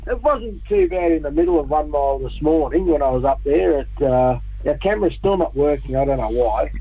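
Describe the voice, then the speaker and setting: A man's voice: a little high, expressive, fairly quick, husky, narrow, tinny audio. A man with an Australian accent, chatting casually on radio about travel and surf, laughing often. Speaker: radio surf report regular.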